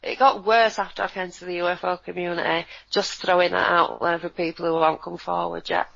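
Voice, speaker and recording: A woman, co-hosting in a sardonic, animated casual chat. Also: lowish voice, a little fast, creaky. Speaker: co-host. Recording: dull lo-fi audio.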